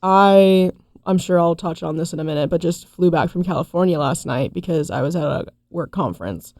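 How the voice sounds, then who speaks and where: A young woman co-hosting a casual college podcast, upbeat and laughing often, with a raspy morning voice. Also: fairly low pitch, brisk, darkish tone, no echo, studio quality. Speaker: co-host. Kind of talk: casual chat.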